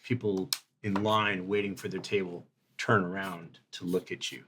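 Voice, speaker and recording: Low-pitched guy game-mastering, calm descriptive scene narration. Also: background noise. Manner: descriptive, measured scene-setting.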